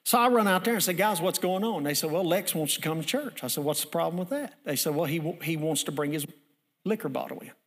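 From the pulpit, a high-voiced male pastor with a drawl spins a folksy, animated story, often rising to a shout and talking fast. The long reverb of a church hall rings around his sermon.

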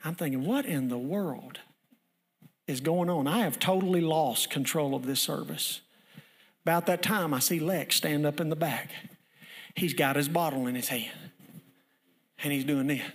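A high-voiced male pastor with a drawl tells a story from the pulpit in a folksy, animated way, often rising to a shout. His voice rings out with the long reverb of a church hall. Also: normal speed, long pauses. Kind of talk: sermon with storytelling.

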